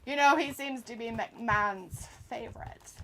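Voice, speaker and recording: Hosting a wrestling watch-along stream, this woman offers playful live commentary, reads chat, teases people, calls them darling, and slips in giggly asides. Her pitch is fairly high, her tone a bit bright, and she takes her time.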